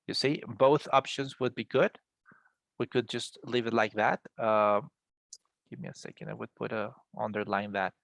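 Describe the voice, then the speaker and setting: A man's voice: medium pitch, moderate pace, creaky, fairly bright tone, no echo. A man teaching an English class over a video call, encouraging his students and often repeating words as he explains.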